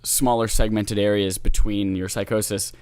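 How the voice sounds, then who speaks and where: A man's voice: on the low side, flat delivery, moderate pace, a little mellow, no room sound. Enthusiastic, joking man co-hosting a podcast. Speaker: podcast co-host. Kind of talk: casual gaming podcast chat.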